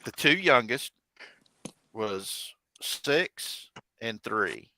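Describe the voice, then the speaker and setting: Bright-voiced male game master. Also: fairly low pitch, expressive, dry recording, poor audio. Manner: halting, self-correcting narration. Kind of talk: narrating a tabletop game. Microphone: desk mic on a live stream.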